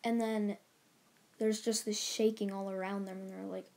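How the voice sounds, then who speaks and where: A woman hosting her own channel rambles through a casual story recap, often restarting her sentences and leaning on filler words. Her voice stays mellow and low in brightness, and her pitch barely moves. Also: flat delivery, moderate pace, creaky. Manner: rambling, loose retelling with many restarts and "like"s. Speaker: channel host.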